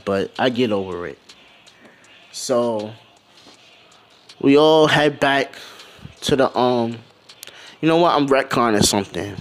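A man casually telling a fan-fiction story in a loose, animated, rambling way. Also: mid-range voice, measured pace, long pauses. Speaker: channel host.

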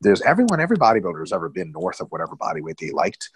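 A man with a low, husky voice co-hosts a casual webinar over a video call, telling stories with lots of swearing and jokes. His pitch swings widely as he talks, and the sound is dry and close. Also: racing, no room sound, low-quality recording. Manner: profane, joking, animated storytelling. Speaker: co-host.

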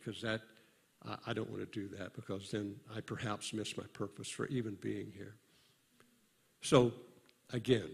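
Gravelly-voiced older man preaching. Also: lowish voice, little pitch movement. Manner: conversational storytelling, halting with fillers and restarts. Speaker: pastor. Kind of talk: sermon.

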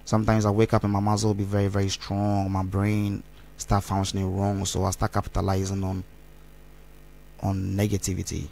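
A man speaks low in his range, his gravelly voice rough with fry. He rambles through an interview and slips Twi phrases into his English. A faint hum of noise sits behind him. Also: completely flat delivery, fairly quick, darkish tone. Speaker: interview guest. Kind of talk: candid interview talk.

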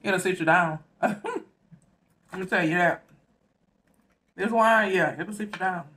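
A woman from the Southern US with a Southern accent, hosting an eating show and chatting casually between bites. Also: on the low side. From Southern United States. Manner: relaxed and chatty, talks between bites, says "y'all" often. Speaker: mukbang host.

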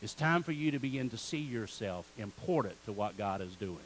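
Pastor leading call-and-response. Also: male voice, on the low side, lively intonation, fairly quick, a little hiss or hum, rough recording. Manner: calls on the congregation to repeat words back. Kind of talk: sermon. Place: church sanctuary.

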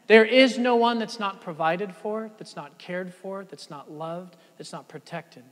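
A man preaching a sermon in a high voice, building to loud, emphatic peaks and then dropping to soft, low passages. His voice rings out with the long reverb of a church sanctuary. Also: unhurried, few pauses. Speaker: pastor.

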